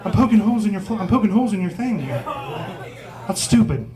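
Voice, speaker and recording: A comedian in his forties tells a profane, self-mocking story on a small pub stage. His voice sits high for a man. A lively pub crowd is heard clearly around him. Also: quick pace. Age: 40s. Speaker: stand-up comedian. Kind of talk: stand-up comedy set. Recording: live pub crowd noise. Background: crowd laughing.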